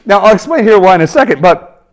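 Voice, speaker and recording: A man in his thirties gives an energetic coaching talk about sales. His voice sits a little high for a man. He tells the story with lively swings in pitch and puts on quick voices for the people in it. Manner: animated storytelling, acts out quoted voices. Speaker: business coach.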